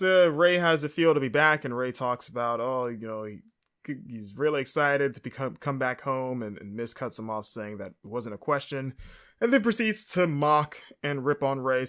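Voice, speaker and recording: A man's voice: mid-range voice, a bit bright. A man hosting a podcast, casually recapping a show on his own, rambling with lots of fillers and mid-sentence corrections. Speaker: podcast host.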